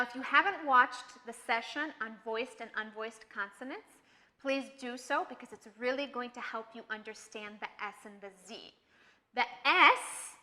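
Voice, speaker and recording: American woman, accent trainer; high, crisp voice, patient and encouraging; reverberant room. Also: pushed and bright. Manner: clear, patient, encouraging teacher talk. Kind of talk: online pronunciation lesson.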